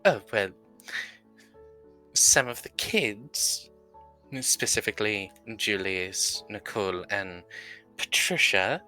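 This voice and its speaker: A man with a fairly low voice and a sharp, bright edge to it. He narrates his character's moves in a tabletop role-play, pausing often on "uh" as he thinks. There is faint music behind him. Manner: narrates his character's actions with filler pauses. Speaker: tabletop game player.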